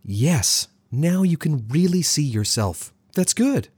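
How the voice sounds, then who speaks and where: A firm woman tutor in a storybook, commanding and encouraging, her lines lifted a little higher and full of lively swings, as a narrator puts her on. The husky voice sits close and dry. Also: slow, no room sound, exaggerated voice. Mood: coaching. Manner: commanding, coaching.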